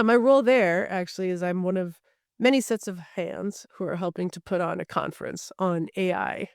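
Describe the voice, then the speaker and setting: Middle-aged woman podcast guest, articulate and reflective, smooth resonant voice, dry close mic. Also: mid-range voice, dry recording. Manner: thoughtful, articulate, laughs easily. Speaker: guest, recording artist. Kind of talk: podcast interview conversation.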